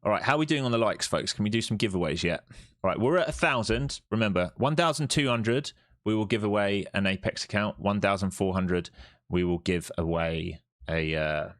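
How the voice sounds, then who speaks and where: A lowish-voiced man running a live trading stream. He talks in a brash, sweary way and taunts his chat, then switches to urgent cheering at the chart. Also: a little fast, a bit bright. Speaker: live-streaming day trader.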